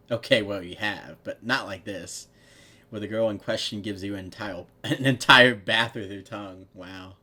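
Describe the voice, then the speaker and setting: His voice lowish, husky, pushed and bright, a man reads fan fiction aloud at home in a casual way. He interrupts the reading with commentary, laughing, swearing and mocking the text.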